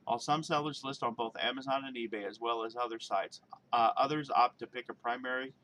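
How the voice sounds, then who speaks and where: A man reading news on his vlog in a mid-pitched voice, drifting into rambling, chatty asides and correcting himself as he goes. Faint noise sits behind him. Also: steady tone, a little fast, sharp tone. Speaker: vlogger. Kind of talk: reading news aloud with off-the-cuff commentary.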